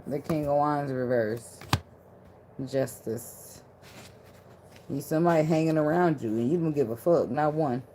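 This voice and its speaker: A woman's voice: sits low, measured pace, pauses often, background noise. A woman giving a casual tarot reading in loose slang, blunt and profane, with a lot of laughter. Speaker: tarot reader.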